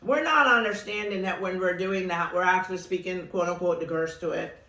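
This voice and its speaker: A woman whose first language is Thai gives a spiritual teaching talk in a fairly low, sharp voice. She speaks emphatically, slows on key words, and laughs often, with a roomy echo around her.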